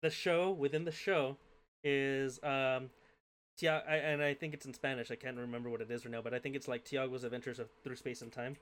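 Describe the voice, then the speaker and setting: A man's voice: medium pitch, flat delivery, brisk, fairly bright tone. A man co-hosting a casual chat as a game master, rambling and hesitant, with many fillers. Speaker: podcast co-host and game master.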